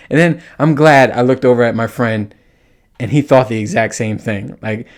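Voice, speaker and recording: A man's voice: mid-range voice, fairly even intonation, normal speed. A young man hosting a podcast in a casual monologue, crude and joking, laughing often. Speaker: podcast host.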